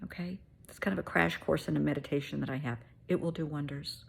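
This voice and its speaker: A middle-aged woman hosting a heartfelt pep talk, soothing and motherly, sometimes dropping to a soft whisper. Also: low-pitched, steady tone, quick pace, gravelly, a little hiss or hum. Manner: soothing, motherly, calls listener honey; drops to soft whispers at times. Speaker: host.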